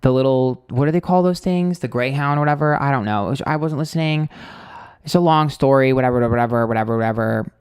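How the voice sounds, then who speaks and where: A man's voice: a little high, fairly quick, darkish tone, clean tone, dry recording, clean studio sound. A young man hosting a tarot livestream, telling a date story in a blunt, sarcastic, gossipy way with plenty of fillers. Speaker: tarot reader and livestream host.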